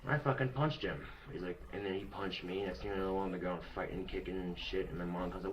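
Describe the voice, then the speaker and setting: A young man bluntly retelling a story to camera, profane and animated. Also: low-pitched, normal speed, a little hiss or hum, rough recording.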